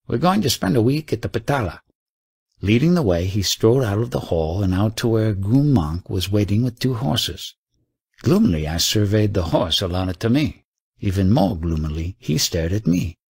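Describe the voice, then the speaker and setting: A man narrates a first-person story in a measured audiobook read. His voice sits low with a gravelly, husky grain. The delivery rises and falls expressively, and the sound is close and dry. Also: a little mellow, no echo.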